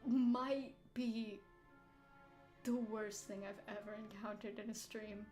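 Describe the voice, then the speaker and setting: A woman's voice: mid-range voice, steady tone, takes it slowly, a little mellow, faint music behind. A young woman streaming a game, giggly and exasperated, laughing through her casual commentary.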